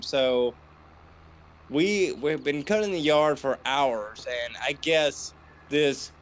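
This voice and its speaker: Man, easygoing chat, gaming livestream, slightly high voice. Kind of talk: casual chat while gaming.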